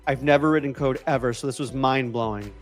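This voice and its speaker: A man's voice: mid-range voice, quick pace, over loud music. A man from New York with a mixed New York and Boston accent, chatting casually as a livestream host, upbeat and prone to repeating himself while answering viewers. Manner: upbeat, repeats phrases, answers chat comments.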